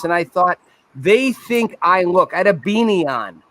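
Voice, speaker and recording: A man's voice: sits high, animated, a bit bright. A man hosting a panel talk show, telling a story and quizzing his guests. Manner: storytelling, rapid restarts. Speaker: host. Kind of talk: casual panel discussion.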